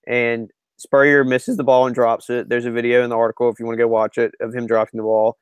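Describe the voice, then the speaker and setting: A man co-hosting a sports podcast in loose, rambling chat, often stopping to correct himself. His voice is smooth and clear. The recording is dry and close. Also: medium pitch, level tone, fast, dry recording. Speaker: podcast co-host and writer.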